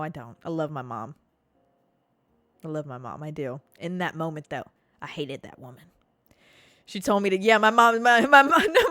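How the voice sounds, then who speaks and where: A woman podcast host telling a wild story in a casual, animated way, full of swearing and dramatic pauses. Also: mid-range voice, no echo, studio quality.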